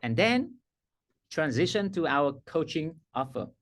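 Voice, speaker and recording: A man's voice: on the high side, expressive, measured pace, a bit bright. A middle-aged man teaching a coaching workshop, emphatic, repeating his key phrases and laughing at himself. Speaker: coaching trainer.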